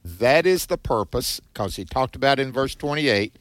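Southern male Bible co-host, measured and deliberate, mid pitch, dry close recording. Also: animated, dry recording. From American South. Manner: measured, reads scripture slowly and deliberately. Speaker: co-host of a Bible teaching program. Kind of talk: conversational Bible teaching.

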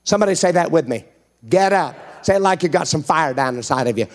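A man's voice: sits high, expressive, a little fast. Fervent preacher man with a raised voice. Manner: fervent, call-and-response preaching. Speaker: evangelist preacher. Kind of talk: sermon. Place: church before a congregation.

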